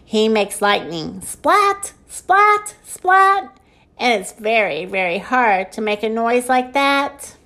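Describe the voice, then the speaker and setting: A woman reading a children's picture book aloud for her podcast, slowly and clearly, with playful sound effects. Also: medium pitch, a bit bright. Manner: slow, clear storytime delivery. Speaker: children's storybook reader.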